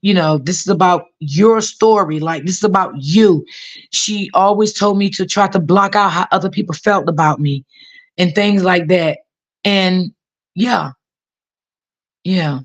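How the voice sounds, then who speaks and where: A woman's voice: fairly low pitch, unhurried, dull audio. A woman telling a personal story to her viewers in a casual way, often repeating herself and using many fillers. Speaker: author talking to viewers.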